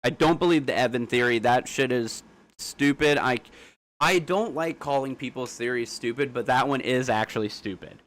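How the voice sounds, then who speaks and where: Young male streamer, blunt and argumentative, rapid casual chat. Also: medium pitch, a bit bright. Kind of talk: casual live-stream talk.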